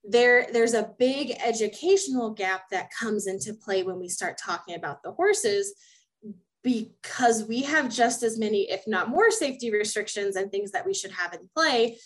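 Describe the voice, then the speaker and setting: Speaking at a normal speed in a rather high, expressive voice, this young woman co-hosts a laid-back podcast and works as a horse program specialist. She is emphatic, laughs frequently and repeats words as she thinks, and the audio is poor.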